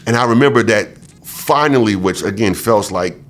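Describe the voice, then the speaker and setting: Brief: podcast guest, male, lowish voice, lively slangy storyteller who acts out the quotes. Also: moderate pace. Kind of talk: casual storytelling in an interview.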